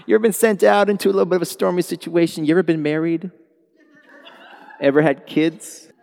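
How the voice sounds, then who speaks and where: A middle-aged man preaching a sermon as a pastor, talking in an animated way, acting out dialogue and laughing often as he speaks. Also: a little high, a little fast, creaky. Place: church hall. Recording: long hall reverb.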